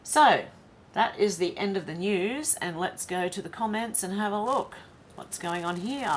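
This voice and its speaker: A woman's voice: mid-range voice, expressive, measured pace, a little hiss or hum. Chatty Australian woman on a live stream. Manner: chatty, blunt, greets viewers by name. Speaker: commentary channel host. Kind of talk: casual live-stream commentary.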